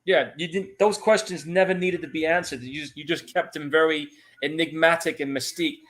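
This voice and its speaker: A man's voice: on the high side, fairly even intonation, fairly quick, fairly bright tone, a little hiss or hum. Laid-back man swearing casually. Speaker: podcast co-host. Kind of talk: casual movie commentary.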